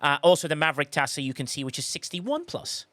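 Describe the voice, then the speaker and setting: A man hosting a podcast on a group call, chatting in a rambling, excitable way with many restarts. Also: fairly high pitch, fast talker, dry recording. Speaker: podcast host. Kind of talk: casual chat on a group call. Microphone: remote call mic.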